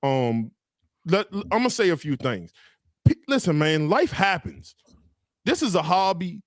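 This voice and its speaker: A man's voice: on the high side, sing-song, unhurried, dry recording, studio quality. A man hosting a casual livestream chat, laid-back and direct, often calling people brother. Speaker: show host.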